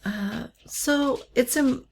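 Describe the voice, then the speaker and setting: A woman teaching literature in an unscripted lecture, halting often with ums and uhs and slipping in wry, offhand asides. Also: sits high, creaky, slight background noise.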